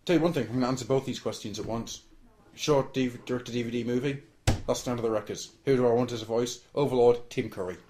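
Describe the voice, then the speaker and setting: A man's voice: medium pitch, steady tone, quick pace, background noise. A man co-hosting a casual podcast, joking around and breaking into laughter. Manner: joking, laughs often, slips into put-on voices. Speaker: podcast co-host. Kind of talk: casual chat.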